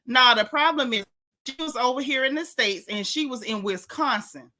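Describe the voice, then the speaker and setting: A woman's voice: high voice, moderate pace, pushed and bright. Sassy Florida woman hosting a live-stream. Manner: sassy, blunt, repeats her punchlines. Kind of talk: live-stream commentary reading chat.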